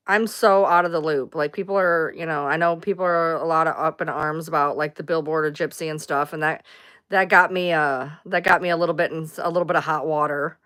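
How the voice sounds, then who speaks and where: Woman rambling on her livestream, low smooth voice, answers chat, swears a bit. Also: pushed and bright. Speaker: livestream host.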